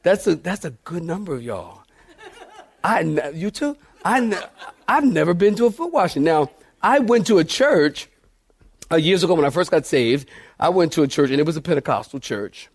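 A man's voice: on the high side, very animated, moderate pace, vocal fry, breathy edge. A man preaching a sermon, telling jokey stories and laughing often as he talks to the congregation. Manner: joking storyteller, laughs often, addresses congregation as y'all. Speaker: pastor.

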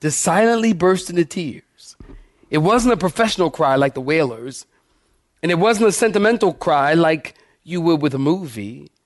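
Emphatic pastor preaching, higher voice. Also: male voice, animated, moderate pace, no echo, studio quality. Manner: asks the congregation for responses, emphatic. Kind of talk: sermon.

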